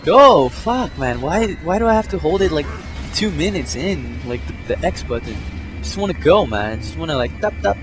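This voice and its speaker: A young man doing let's play commentary, swearing a lot and swinging from low mutters to panicked yelps. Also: expressive, normal speed. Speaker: gameplay commentator. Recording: game music under the voice. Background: game music.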